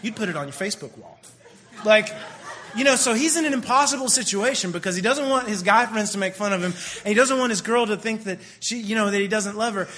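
A young adult man giving a comedic monologue in an animated way, acting out the voices of people he describes. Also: sits high, a little fast. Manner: animated, acts out quoted voices. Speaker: speaker.

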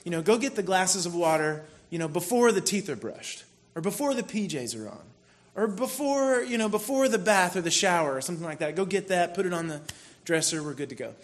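A man with a high voice gives a sermon in an easygoing, chatty way. He tells a family story and now and then bursts into playful frustration. His voice stays high even when he drops low. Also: fairly quick, hardly any pauses. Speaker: pastor.

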